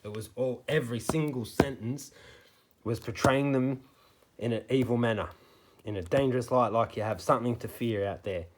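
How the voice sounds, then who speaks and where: A man's voice: mid-range voice, normal speed. A man with an indignant, mocking manner, giving critical commentary to camera and picking apart a news report. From Australia. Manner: indignant, with mocking quoted soundbites. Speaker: snake catcher giving commentary.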